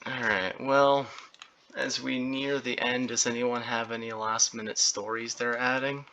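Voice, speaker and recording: A man hosting a casual podcast chat, given to loud laughing outbursts and mock yelling. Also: medium pitch, flat delivery, a little slow, a little hiss or hum. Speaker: podcast host.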